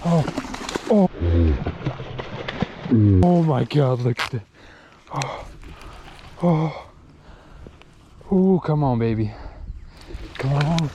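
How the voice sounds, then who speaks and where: A man from Texas filming himself bass fishing by a lake dam, talking breathlessly and exclaiming at a big catch, shaky with excitement. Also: drawn-out words, long pauses. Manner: breathless, exclaiming, talks to the fish. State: shaking with excitement. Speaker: fishing vlogger. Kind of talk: excited outdoor commentary. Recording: dull lo-fi outdoor audio with faint noise.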